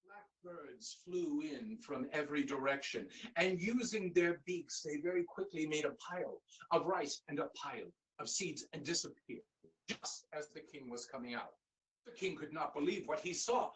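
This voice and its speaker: A man telling a folktale in a lively, dramatic way. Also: on the high side, normal speed, recorded from a distance, rough recording. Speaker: storyteller. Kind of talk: expressive folktale storytelling. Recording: voice a bit off-mic.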